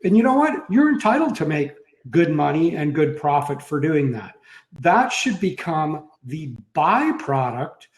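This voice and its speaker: A man's voice: fairly high pitch, big pitch swings, measured pace. Easygoing co-host man, roomy sound. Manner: easygoing, with small restarts and chuckles. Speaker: webinar co-host. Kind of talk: casual webinar talk. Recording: roomy echo.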